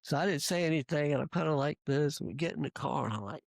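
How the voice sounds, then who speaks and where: Gravelly husky guy telling old work stories, lots of restarts, dry close sound. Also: on the high side, fast talker, no room sound. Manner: animated, laughing anecdotes with acted quotes; frequent restarts and fillers. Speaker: interview guest. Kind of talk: casual storytelling.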